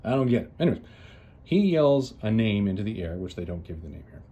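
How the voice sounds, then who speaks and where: A man with a lowish, mellow, warm voice walks through a story in a relaxed, chatty way. He talks loosely, dropping in "uh"s and restarting sentences as he goes. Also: a little fast, muffled recording. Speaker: comics reviewer, host. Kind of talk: casual retelling of a story.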